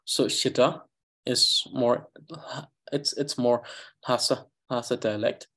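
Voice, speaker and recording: Halting man teaching an online language class. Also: mid-range voice, fairly even intonation, pushed and bright. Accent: Eastern Tibetan. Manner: halting, many fillers, thinks aloud while explaining. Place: online class, video call.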